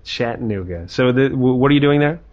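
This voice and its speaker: A man hosting a podcast, chatting casually and cracking jokes with quick asides. He talks at an ordinary middle pitch. His voice comes over an internet call and sounds dull and muffled. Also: lively intonation. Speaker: podcast host. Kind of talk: casual chat.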